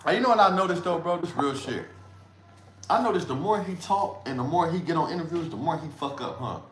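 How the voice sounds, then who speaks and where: A livestream host with a fairly high, lively voice talks fairly quickly, tossing out slang and trash talk with frequent laughter in casual commentary. Background noise sits over an echoey room with faint ambience.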